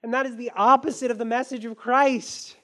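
A woman's voice: a little high, steady tone, fairly quick, fairly bright tone. A woman pastor giving a sermon in an earnest, conversational way, with casual fillers.

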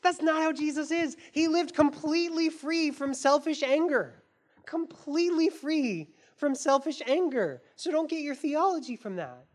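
A woman's voice: high voice, lively intonation, normal speed, darkish tone. A woman pastor giving a sermon in an earnest, conversational way, with casual fillers.

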